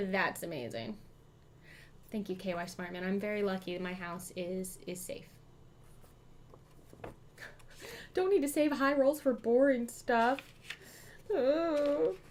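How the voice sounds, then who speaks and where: A woman's voice: fairly high pitch, slight background noise. A woman hosting a live board game stream, chatting, thinking aloud about her moves and thanking her chat. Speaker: streamer host.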